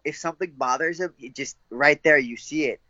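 A young man being interviewed as a fighter, laughing often and telling animated stories with quoted voices. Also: a little high, brisk, no echo, muffled recording. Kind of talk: casual interview chat.

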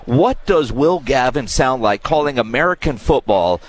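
A man's voice: mid-range voice, lively intonation, normal speed, rough recording. A man hosting a sports radio show, asking curious, joking questions in casual chat.

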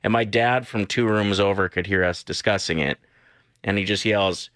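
Canadian male radio co-host, 30s, bright and dry, chatty and joking. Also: on the low side, steady tone, moderate pace, no echo. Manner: chatty, jokey, reflective. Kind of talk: casual radio chat.

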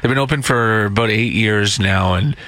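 A man's voice: fairly low pitch, moderate pace, a bit bright, no echo. A man hosting a morning radio show, chatty and teasing his co-hosts.

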